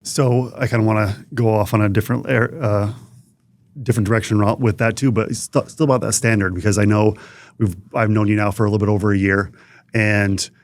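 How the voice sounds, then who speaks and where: A man's voice: fairly low pitch, fairly even intonation, brisk, no echo, studio quality. A man hosting a podcast, asking long, meandering questions with many restarts. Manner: rambling, restarts mid-question. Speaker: podcast host. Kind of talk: interview questions.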